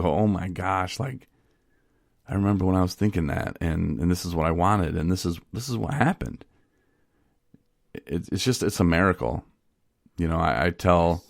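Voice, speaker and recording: A young podcast co-host chats casually into a studio microphone, rambling through candid stories and often restarting his sentences. His voice is deep and creaky, and the recording is dry.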